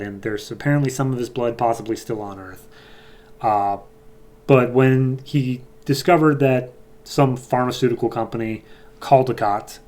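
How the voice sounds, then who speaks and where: A man's voice: medium pitch, a little mellow. A man hosting a casual comic book review, rambling along with frequent fillers and a light, jokey tone. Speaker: podcast host.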